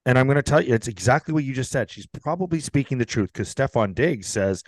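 A man co-hosting a sports podcast, speaking in an animated, sarcastic and profane way. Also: mid-range voice, fast, dry recording. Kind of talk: casual sports talk.

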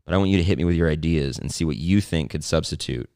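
A man's voice: extremely low pitch, fast, mellow, clean tone, dry recording, studio quality. A man hosting a casual sports podcast, talking in a playful, rambling way. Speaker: podcast host.

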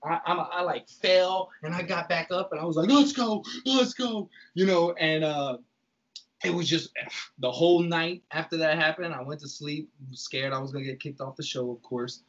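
A man's voice: on the high side, steady tone, moderate pace, fairly bright tone, highs cut off. A man telling a story in casual, profane talk, acting out the lines he quotes. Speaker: podcast guest recounting reality TV.

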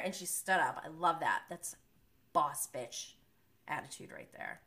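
Young woman, casual live recapper, bright tense tone, blunt and sweary. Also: fairly low pitch, normal speed. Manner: animated, blunt and swears freely. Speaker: live-streaming reality TV recapper.

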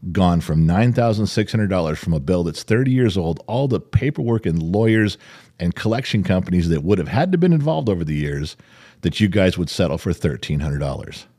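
A middle-aged man hosting a podcast, telling a story in casual chat, animated and profane, acting out the people he quotes. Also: low voice, breathy edge. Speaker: podcast host.

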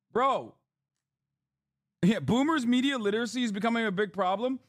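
A man's voice: very high voice, no echo, clean studio sound. A male streamer chatting casually as he reacts to clips, sarcastic, profane and mocking. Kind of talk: casual chat.

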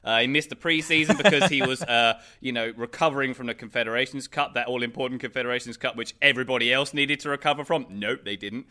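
A man's voice: mid-range voice, fast talker, few pauses, sharp tone. A man co-hosting a casual football podcast, joking and laughing as he talks. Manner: joking, mock impressions, laughs often. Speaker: podcast co-host.

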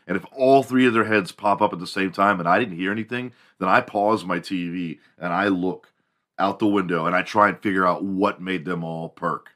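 A man hosting a podcast, telling a casual comedic monologue in a profane, animated way. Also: low voice. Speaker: podcast host.

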